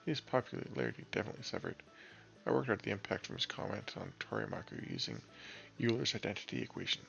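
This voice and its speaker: A man's voice: deep voice, huge pitch swings, quick pace, creaky, a bit bright, dull audio, faint music behind, full character voice. A man voicing a pedantic male know-it-all explaining his calculations. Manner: pedantic, matter-of-fact.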